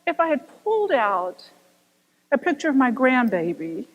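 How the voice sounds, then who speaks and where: A woman's voice: sits high, very animated, moderate pace, phone-quality sound. A woman voicing a smug male lecturer who gloats with smacking noises and singsong repetition. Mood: teasing. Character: showy middle-aged male lecturer, smug and provocative. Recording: long reverb of a church hall.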